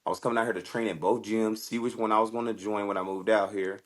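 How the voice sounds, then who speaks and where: A man with a fairly low voice speaks as a guest in a relaxed interview. He tells his stories with energy and acts out the dialogue of the people in them. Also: fast. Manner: animated, acts out quoted exchanges with lots of "I was like". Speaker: guest, former football player turned fighter. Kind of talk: casual storytelling interview.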